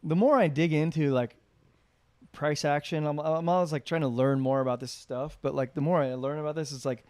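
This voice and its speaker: A man's voice: fairly high pitch, steady tone, fairly quick, darkish tone, clean tone, no echo. Man, podcast co-host, rambling filler-heavy chat, dry close mic. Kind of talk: casual chat.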